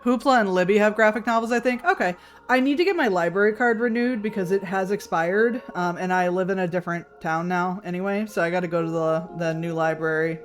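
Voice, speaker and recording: A woman's voice: mid-range voice, brisk, soft background music. A woman streamer in casual chat with her viewers, talking loosely, laughing often and reading chat messages aloud. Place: home room.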